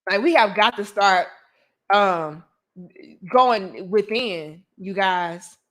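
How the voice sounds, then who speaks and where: A woman's voice: mid-range voice, slow, fairly bright tone. A young woman hosting a casual commentary vlog, talking bluntly and with plenty of profanity as she tells stories and preaches advice. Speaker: host.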